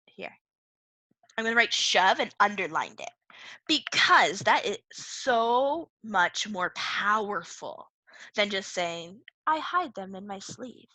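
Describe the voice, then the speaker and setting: A woman teaching a reading lesson to young children, playful and animated, often laughing as she explains. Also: on the high side, no echo. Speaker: second-grade teacher.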